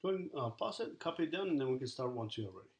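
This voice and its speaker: A man's voice: mid-range voice, lively intonation, rapid-fire. A man teaching a recorded math lesson, talking to students as he works through problems and counts the numbers aloud.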